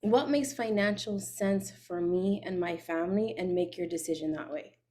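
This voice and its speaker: A woman's voice: fairly low pitch, moderate pace, darkish tone. A woman personal finance coach talks as an interview guest. Her advice comes across as frank, practical and emphatic, in an easy conversational way. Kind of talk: casual interview chat.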